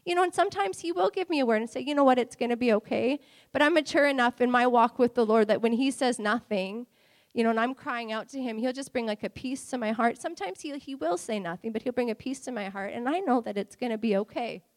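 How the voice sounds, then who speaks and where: Woman preacher, high bright voice, lively conversational sermon with light laughs. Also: quick pace. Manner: animated, conversational, laughs between phrases.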